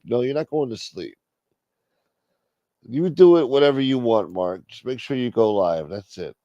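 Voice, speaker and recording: A man's voice: medium pitch, animated, normal speed, pauses often, mellow, no echo. A man hosting a late-night livestream, brash and profane as he talks straight to his chat at home. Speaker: livestream host. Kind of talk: casual chat. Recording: dull lo-fi stream audio.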